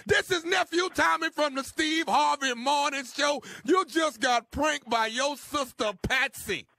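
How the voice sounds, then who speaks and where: A man's voice: very high voice, a little slow, gravelly, sharp tone, no echo, faint music behind. A man making a prank call for a radio show, talking in a confrontational, stammering way.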